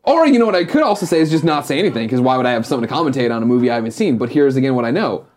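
A man talking quickly in casual chat, cracking dry, wry jokes as a co-host. His pitch sits in the middle range and his delivery is brisk. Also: big pitch swings, a little mellow.

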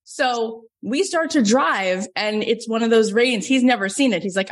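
A middle-aged woman from Florida, a business coach telling a personal story, animated and acting out quoted lines. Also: moderate pace, hardly any pauses. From Florida, USA. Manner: animated, acts out quotes with big pitch jumps. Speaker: business coach and podcast host. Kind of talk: storytelling lesson.

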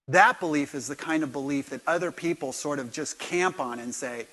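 A man preaching a sermon in church, animated, jumping from quiet remarks to loud acted-out lines. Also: a little high, moderate pace, hardly any pauses. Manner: animated, acts out dialogue with sudden loud bursts. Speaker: pastor.

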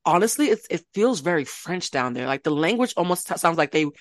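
A podcast co-host chatting casually, animated and joking, telling quick stories. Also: medium pitch, dry recording, clean studio sound. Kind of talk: casual chat.

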